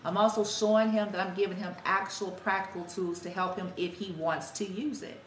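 A woman's voice: mid-range voice, fairly even intonation, fairly quick, recorded from a distance, a little hiss or hum. A woman telling a reflective, conversational story about her parenting, quoting her son and herself as she goes. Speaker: spiritual healer and parent vlogger. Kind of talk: casual storytelling monologue. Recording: echoey room, somewhat off-mic, faint ambience.

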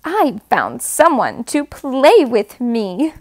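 A woman voicing a friendly, eager farm goat who wants a playmate, speaking quickly and cheerfully. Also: fairly high pitch, wildly swooping pitch, no room sound, heavily acted.

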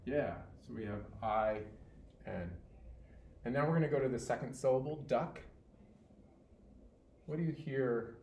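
A man's voice: mid-range voice, unhurried, long pauses, a little mellow, slight background noise. A man tutoring one student in reading, patient and encouraging, praising each answer. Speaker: teacher. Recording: roomy with faint ambience.

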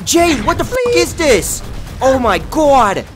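Panicky young Boston fisherman, shrieks high over loud music, swoops wildly. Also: big pitch swings, slow pace, exaggerated voice. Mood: freaking out.

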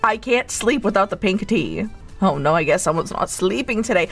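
A woman's voice: medium pitch, sing-song, fairly quick, fairly bright tone, soft background music. A woman streamer hosting a cozy barista role-play, reading chat aloud in a teasing, playfully motherly way. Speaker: VTuber streamer, host.

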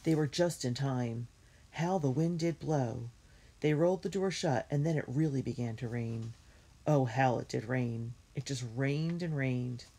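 A woman reads a children's chapter book aloud in a measured, gentle storytelling manner. Her voice is very low and husky, with a gravelly grain. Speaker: reader.

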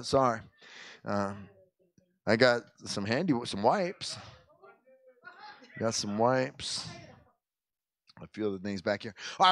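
A man's voice: medium pitch, fairly bright tone, dry recording. A male pastor making casual, folksy church announcements in the sanctuary, chatty and often breaking off mid-sentence. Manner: folksy, chatty, self-interrupting.

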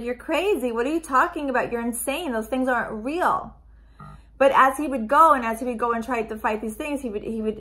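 Chatty woman with a high voice. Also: fairly bright tone. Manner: chatty, rambling, emotional. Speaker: movie reviewer. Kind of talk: casual trailer reaction vlog.

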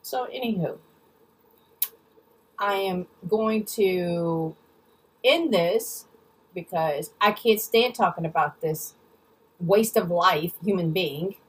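Woman vlogger, angry storytime rant; husky voice, set back from the mic. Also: lowish voice, recorded from a distance, poor audio. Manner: angry, blunt, swears freely, mimics people in quotes. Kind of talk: ranting storytime vlog.

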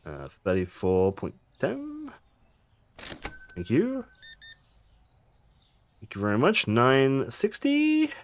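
A man's voice: mid-range voice, wildly swooping pitch, measured pace, hardly any pauses. A man casually commenting on his gameplay, chatty and jokey, swearing now and then and making asides to his viewers. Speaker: gaming streamer.

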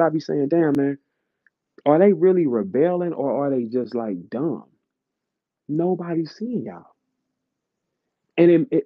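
A man rants bluntly and profanely at his listeners in a live audio chat. His voice sits a little high. The sound is dry and dull, like a lo-fi online audio stream. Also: no echo. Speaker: host of an audio chat room.

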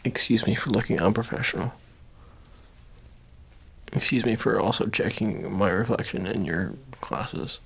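A man in a whispered role-play as an ASMR host, playful and rambling, drifting between a soft voice and whispers. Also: lowish voice, a little slow, vocal fry, pauses often, slight background noise.

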